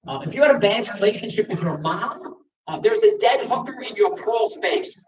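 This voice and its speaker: Self-deprecating New comedian, lively pitch. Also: male voice, normal speed. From Long Island, New York. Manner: self-deprecating storytelling, acts out dialogue. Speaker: stand-up comedian. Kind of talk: stand-up comedy set. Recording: roomy venue, mic from a distance.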